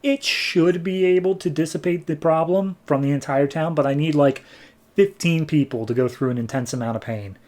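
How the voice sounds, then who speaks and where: A cocky male mercenary, as a man puts him on during a comic recap, breezy and dismissive in a slightly raised voice. He brushes everything off with quick, careless lines. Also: fairly high pitch, darkish tone, natural voice. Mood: flippant.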